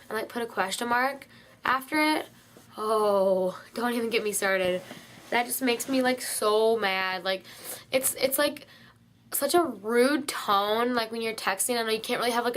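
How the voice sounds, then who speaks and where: A woman's voice: a little high, fairly bright tone. A teenage girl ranting casually to camera about her pet peeves, filling every phrase with "like" and restarting often. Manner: chatty, heavy use of "like", many restarts. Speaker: vlogger.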